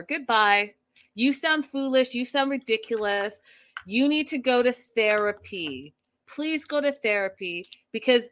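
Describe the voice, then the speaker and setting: Woman host, casual reaction commentary, exasperated and emphatic, voice on the higher side. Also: a bit bright. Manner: emphatic, exasperated, repeats points.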